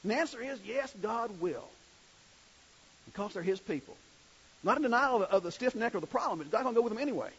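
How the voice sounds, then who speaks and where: Male preacher, high husky voice, conversational sermon, slightly dull lo-fi recording. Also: animated, quick pace, fairly bright tone. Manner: conversational, asks the congregation questions.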